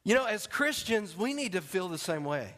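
A man preaching a sermon, telling a story in an animated way and acting out its scenes. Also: sits high, normal speed. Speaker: pastor. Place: church sanctuary. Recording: long hall reverb.

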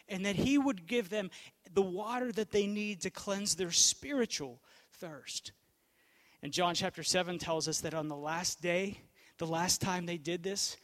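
High-voiced casual young male preacher. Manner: casual storytelling preacher, shifts from loud to hushed. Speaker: pastor. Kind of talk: sermon.

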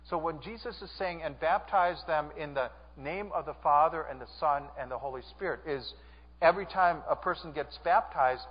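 A man preaches a sermon in a fairly high voice, earnest, repeating his phrases and calling on the congregation to answer. The sound is a little dull and muffled. A long reverb from the church sanctuary trails after every line. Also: moderate pace, breathy edge.

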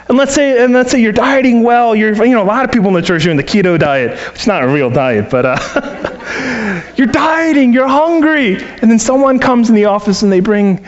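A pastor tells stories in his sermon, animatedly acting out the voices of those he quotes. His voice sits high, and the audio has a lo-fi quality.

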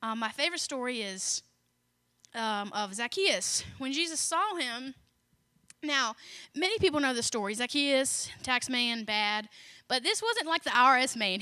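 A woman speaks in a bright, lively tone, sharing a conversational devotional message. She repeats key phrases for emphasis and drops in casual, self-deprecating asides. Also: high-pitched, normal speed, dry recording, clean studio sound.

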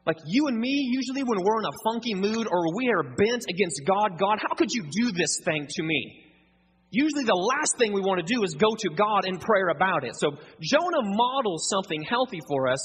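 Husky high-voiced guy preaching, acts out little dialogues, long church-hall echo. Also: a little hiss or hum. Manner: animated, acts out dialogue, conversational asides. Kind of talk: sermon.

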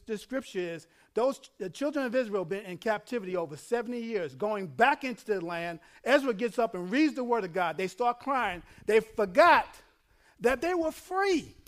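A male pastor preaching a sermon, dropping to a low murmur and then building to shouting, with frequent laughs. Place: church.

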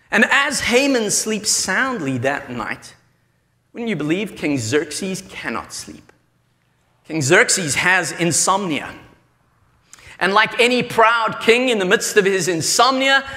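A man preaching a sermon, retelling a story with animated voices for the characters. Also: high voice, in a large hall.

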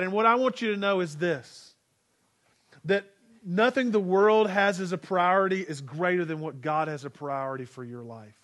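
A man's voice: sits high, moderate pace, fairly bright tone. A man in his forties preaching a sermon as pastor, earnest and exhorting, leading the congregation to repeat lines after him. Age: 40s.

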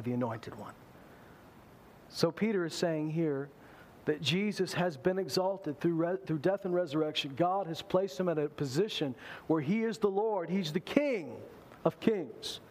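High-voiced animated male preacher. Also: normal speed, slight background noise. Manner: animated, acts out quoted voices. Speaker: pastor. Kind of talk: sermon.

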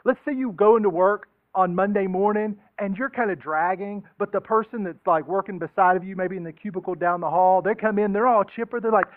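Casting: male pastor, high voice, easygoing joking sermon, dry thin phone-like recording. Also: a little fast, hardly any pauses, no echo. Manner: joking, conversational, acts out quoted voices. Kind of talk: casual sermon. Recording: tinny phone-like sound.

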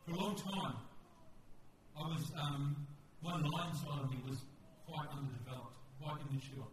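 A man's voice: fairly high pitch, fairly even intonation, moderate pace. A man preaching a storytelling sermon, candid and conversational, often restarting his sentences. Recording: echoey hall, distant mic, faint noise.

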